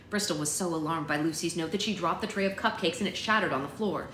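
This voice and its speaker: A woman hosting a book club, reading a children's novel aloud in a steady, plain storytelling manner with small slips. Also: lowish voice, quick pace, few pauses, reverberant, poor audio.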